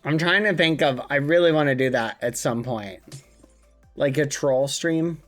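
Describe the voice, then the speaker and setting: A man's voice: a little high, unhurried, fairly bright tone, faint music behind. A man streaming a building game, chatting casually and playfully with his viewers, humming as he thinks. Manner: musing, playful, hums a lot.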